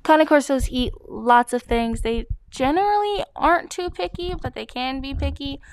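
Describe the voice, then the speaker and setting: A woman's voice: sits high, normal speed, no echo. A woman dog blogger answering common breed questions in a chatty, hesitant way, full of fillers. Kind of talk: casual Q&A vlog.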